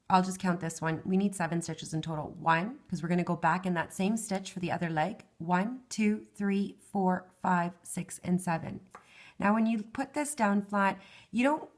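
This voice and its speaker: Patient woman teaching a craft, voice fading. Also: medium pitch. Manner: patient, talks through each hand step, counts stitches aloud. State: losing her voice. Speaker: craft tutorial host. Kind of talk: step-by-step crafting instruction.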